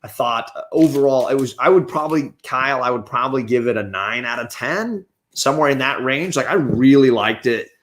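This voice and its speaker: A man's voice: mid-range voice, expressive, brisk, hardly any pauses. A man hosting a casual review show, talking through his opinions on films in a chatty, opinionated way with frequent restarts. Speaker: comic and movie reviewer, show host.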